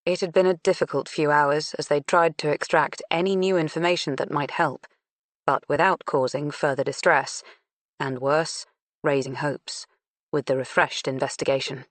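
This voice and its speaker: Low-voiced woman reading an audiobook. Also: fairly even intonation, normal speed, no echo. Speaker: audiobook narrator. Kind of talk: scripted narration.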